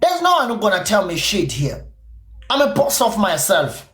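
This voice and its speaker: A South African man with a Zulu-inflected accent, his native isiZulu tongue showing through. He hurls blunt, profane, repetitive jabs in a livestream rant, and his pitch leaps up and down wildly. The room around him rings with echo. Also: wildly swooping pitch, moderate pace, fairly bright tone, a little hiss or hum. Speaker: podcast streamer. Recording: echoey room.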